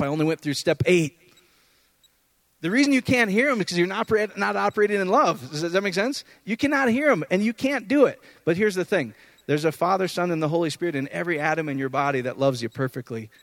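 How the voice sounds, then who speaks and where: Preacher, male, conversational and animated, slightly high voice, dry sound. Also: no echo. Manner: conversational, animated, often asks "does that make sense". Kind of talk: informal sermon.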